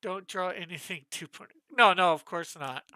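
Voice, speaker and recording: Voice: medium pitch, normal speed, bright, forceful tone, no echo. A comic artist chatting casually with viewers on a live stream while drawing, thinking aloud and asking their advice.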